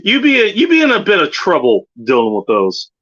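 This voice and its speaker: A man's voice: sits high, huge pitch swings, fairly quick, a bit bright. A man hosting a casual livestream chat, easygoing and profane, laughing often. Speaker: livestream host. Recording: slightly muffled lo-fi audio.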